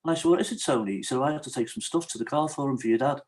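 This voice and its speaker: Man, podcast guest, animated storytelling, acts out each quote, mid-pitched voice. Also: very fast, low-quality recording. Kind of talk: storytelling in casual interview.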